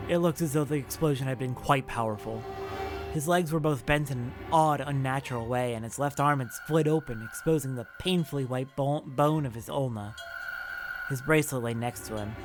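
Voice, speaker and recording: A let's play narrator reading a visual novel aloud with expressive commentary and reactions. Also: medium pitch, normal speed, over music. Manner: expressive, reacts with swearing and sympathy.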